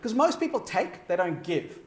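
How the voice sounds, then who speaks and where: A man giving a keynote speech to a live audience, animated, shifting his pitch and pace for effect and laughing often. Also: moderate pace, roomy sound. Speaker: keynote speaker. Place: large venue with audience.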